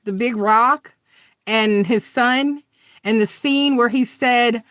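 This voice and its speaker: A woman's voice: a little high, takes it slowly, fairly bright tone, dry recording, clean studio sound. A middle-aged woman giving a live tarot reading, talking frankly and earnestly to her viewers and swearing freely. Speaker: tarot reader.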